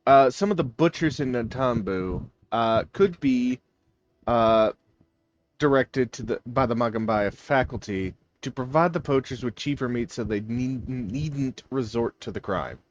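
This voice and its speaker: A man narrating as game master in a tabletop game, explaining things haltingly with many fillers. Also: medium pitch, expressive, highs cut off.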